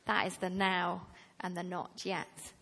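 A woman preaching a sermon to her church, slow and deliberate, rising to emphatic passages. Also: lowish voice, monotone, vocal fry, sharp tone, breathy edge. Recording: long reverb of a hall.

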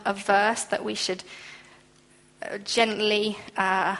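A woman's voice: medium pitch, a bit bright. A woman preaching a sermon in an earnest, conversational way, now and then acting out quoted voices. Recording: long hall reverb.

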